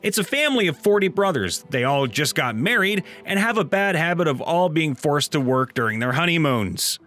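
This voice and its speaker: An animated man reads online stories aloud in a bright, lively voice. He sits slightly high for a man, playful throughout, with soft music behind him. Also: moderate pace. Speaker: narrator reading viewer stories. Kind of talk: reading online comments aloud.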